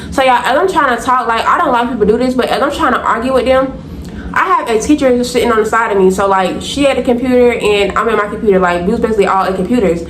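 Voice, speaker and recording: A woman's voice: fairly high pitch, fast talker. Young woman vlogging a storytime, blunt and cussing, echoey room, bit of hiss. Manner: animated, blunt and profane, addresses viewers as y'all. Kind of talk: casual storytime to camera.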